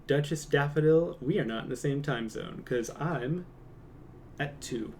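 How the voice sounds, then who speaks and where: A man's voice: fairly high pitch, unhurried, darkish tone, slight background noise. Chatty man streaming. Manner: joking, chatty, trails off and mumbles at times. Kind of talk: casual chat reading stream comments.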